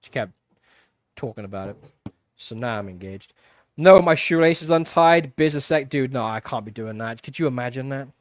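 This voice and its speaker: A man in his thirties tells a story on his own livestream, chatty and animated, with frequent laughs and filler words. His voice sits at an ordinary middle pitch. The recording is close and dry. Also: brisk, dry recording. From England. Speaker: livestream host. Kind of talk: casual livestream chat. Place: home fish room.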